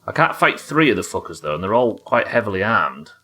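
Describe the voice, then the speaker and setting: Deep-voiced man streaming a game. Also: very animated, brisk, pushed and bright. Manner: casual, profane, jokey; yelps high in tense fights. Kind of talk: live gameplay commentary.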